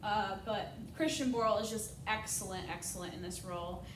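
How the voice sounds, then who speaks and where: A woman's voice: steady tone, moderate pace. A woman giving a casual, enthusiastic presentation, peppered with frequent uhs. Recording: echoey, distant mic, noisy rumble.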